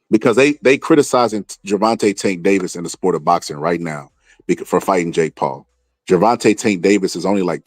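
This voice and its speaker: A man giving casual reaction commentary on boxing, animated and full of streetwise slang, repeating his phrases as he talks. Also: low-pitched, dry recording.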